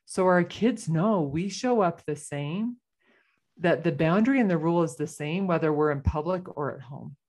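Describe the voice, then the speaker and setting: A woman guest speaking about parenting in calm casual chat, explaining her points and checking in with "right?". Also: deep voice, moderate pace.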